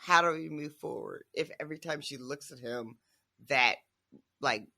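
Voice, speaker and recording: Bright-voiced, animated podcast co-host. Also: medium pitch, moderate pace, creaky. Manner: animated, laughs often, many fillers like "like". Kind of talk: casual book discussion chat.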